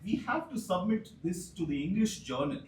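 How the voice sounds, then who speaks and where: Improv guy as the straight man, lively high-ish voice, echoey far room. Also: moderate pace, background noise. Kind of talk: live improv comedy.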